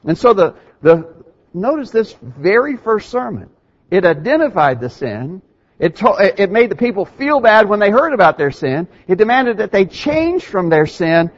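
A male preacher delivering a sermon, emphatic, his voice climbing higher and louder to drive points home. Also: very animated, a little slow. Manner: emphatic, rises in pitch and volume for stress. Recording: dull lo-fi recording.

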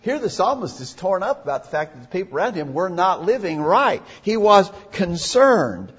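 Preacher, male, slightly high and husky, earnest and emphatic, dull lo-fi recording. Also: very animated, normal speed, fairly bright tone. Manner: earnest, emphatic, reads scripture aloud. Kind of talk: sermon. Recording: dull lo-fi recording in a reverberant hall.

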